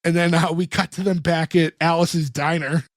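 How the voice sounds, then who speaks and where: High-voiced man recapping an episode. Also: steady tone, moderate pace, no room sound, clean studio sound. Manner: long retellings with many fillers and acted quotes. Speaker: podcast co-host.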